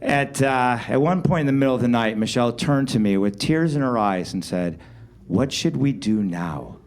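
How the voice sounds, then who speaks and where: Male storyteller, wry and animated, voice swings widely with bursts of loudness. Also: mid-range voice, a little fast, clean tone. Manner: wry, animated delivery with sudden loud outbursts. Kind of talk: live comedic storytelling. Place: live show venue.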